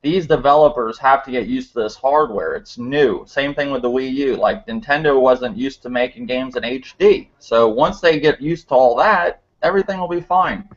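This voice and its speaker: A man with a mid-pitched voice rambles through casual podcast chat, leaning on fillers. The recording is muffled and lo-fi. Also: moderate pace, few pauses. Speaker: podcast co-host. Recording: muffled lo-fi audio.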